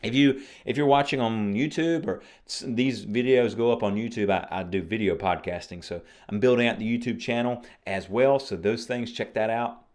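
A man hosting a faith podcast, preaching fervently and then chatting warmly and jokingly with listeners. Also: fairly low pitch, moderate pace, hardly any pauses.

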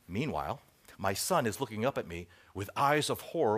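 A middle-aged man preaching a sermon as pastor, telling stories and acting out bits of dialogue, then dropping to quiet asides. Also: mid-range voice, a little fast. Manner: animated storytelling, acts out dialogue, drops to soft asides.

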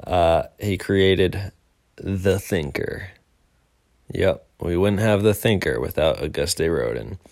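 A man's voice: deep voice, slow pace, vocal fry, a little mellow. A young man hosting a casual morning show, rambling upbeat with self-deprecating asides. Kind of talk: casual solo podcast talk.

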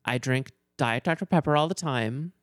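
Smooth, dry-sounding podcaster in their thirties. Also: medium pitch, normal speed, dry recording. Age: 30s. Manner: matter-of-fact, fills in details. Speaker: podcast host. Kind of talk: casual storytelling chat.

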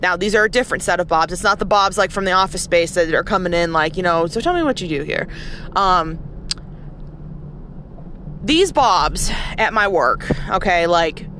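A woman's voice: fairly low pitch, normal speed, a bit bright, a little hiss or hum. A woman who works as a nurse, ranting in a casual, blunt and profane way, with heavy sarcasm. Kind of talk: casual rant to camera.

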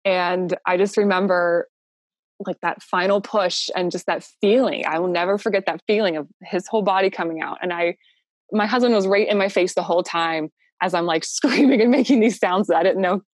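A woman's voice: lowish voice, fairly quick, no echo, studio quality. A young woman telling her own birth story in a casual, heartfelt way, laughing often and using lots of fillers.

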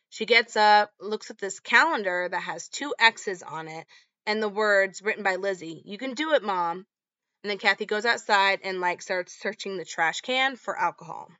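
A woman's voice: medium pitch, sharp tone, no room sound, dull audio. A woman hosting a podcast, recapping a horror film in a casual, chatty way full of "like" and "um". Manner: chatty, lots of "like" and "um". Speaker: podcast host.

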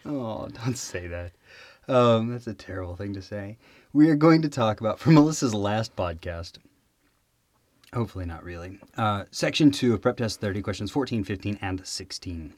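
A man's voice: lowish voice, lively intonation, normal speed, darkish tone, no echo. A man hosting a test prep podcast, telling a joke and giggling a lot. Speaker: podcast host. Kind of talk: casual chat and test prep.

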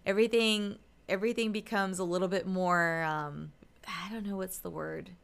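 Smooth-voiced woman telling a story on a podcast. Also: mid-range voice, moderate pace. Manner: animated storyteller, acts out quotes. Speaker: podcast co-host, medium. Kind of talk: casual spiritual podcast chat.

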